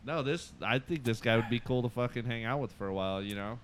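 A man's voice: medium pitch, fast, slight background noise. A man with a mid-range voice chats in a laid-back way. He chuckles often and builds crude jokes on top of his friend's. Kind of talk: casual crude comedic chat.

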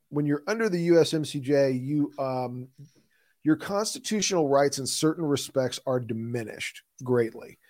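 A man's voice: medium pitch, a little mellow. A man with a Midwestern accent co-hosting a podcast, explaining things at length in a blunt, chatty way with some mild cursing. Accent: Midwestern American. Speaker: podcast co-host. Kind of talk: casual chat.

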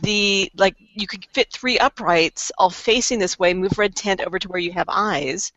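A woman on a casual group video call, brash and animated, swearing freely. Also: mid-range voice, normal speed, no echo, muffled recording. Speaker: panelist.

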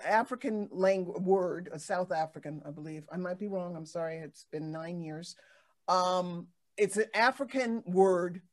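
A woman hosting a casual talk show, telling stories in an animated way with many restarts and fillers. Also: mid-range voice. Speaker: podcast host. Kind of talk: casual chat.

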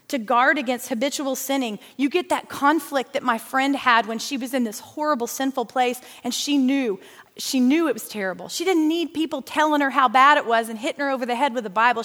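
A middle-aged woman teaching a lively church Bible lesson in a chatty, animated way, talking straight to her listeners. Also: sits high. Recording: long hall reverb.

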